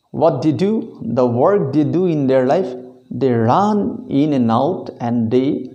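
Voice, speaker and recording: A man's voice: medium pitch, warm tone, poor audio. A man teaching a literature lesson, explaining a story line by line and repeating himself with frequent "okay"s. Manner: repetitive, fills with frequent "okay". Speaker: English teacher.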